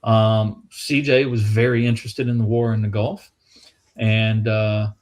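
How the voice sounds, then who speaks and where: A man's voice: lowish voice, level tone, measured pace, a little mellow. Southern man telling rambling history anecdotes. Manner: rambling anecdotal, with restarts and acted quotes. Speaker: museum staff guest. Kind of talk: casual storytelling chat.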